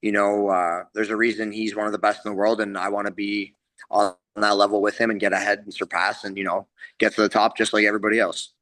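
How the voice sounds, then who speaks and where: A man in his thirties, a fighter answering interview questions in a relaxed, rambling way with lots of fillers. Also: fairly low pitch, fast, no room sound, poor audio. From Canada. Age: 30s. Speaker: MMA fighter, guest.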